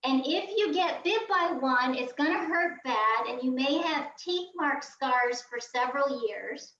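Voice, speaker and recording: Woman, high voice, lively storyteller, roomy distant sound, dull video call audio. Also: measured pace. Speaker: guest quilter. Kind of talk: animated storytelling.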